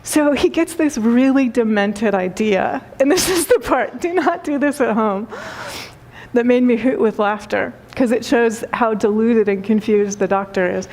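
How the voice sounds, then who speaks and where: A woman spiritual teacher giving a talk and telling a story, speaking gently with repeated phrases and frequent laughter. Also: on the high side, measured pace, a little hiss or hum. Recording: long hall reverb.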